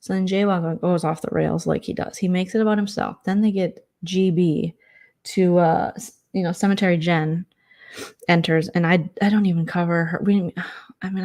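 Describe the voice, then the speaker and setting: A woman's voice: fairly low pitch, gravelly, darkish tone. A woman hosting a casual late-night chat vlog, telling stories with exasperated sarcasm and mocking voices. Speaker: vlogger host.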